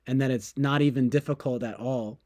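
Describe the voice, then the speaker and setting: A man's voice: mid-range voice, fairly even intonation, fairly quick, a little mellow, dry recording, studio quality. A man streaming, talking casually in a sarcastic, mocking and rambling way.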